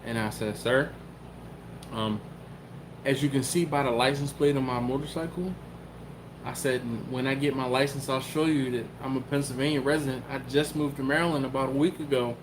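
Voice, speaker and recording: A man's voice: mid-range voice, normal speed, background noise. A man from the Philadelphia area hosting a live stream, telling a story in casual talk and acting out the quotes. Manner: animated, acts out quotes and cat sounds. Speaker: YouTube host.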